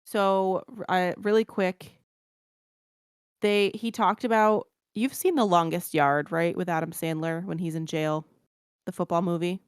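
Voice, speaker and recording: A woman co-hosting a podcast, with a fairly low, smooth, resonant voice. She talks in a relaxed, wry way and often chimes in with short agreements, and the recording is close and dry. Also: a little slow, no echo. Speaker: podcast co-host. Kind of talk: casual chat, book review.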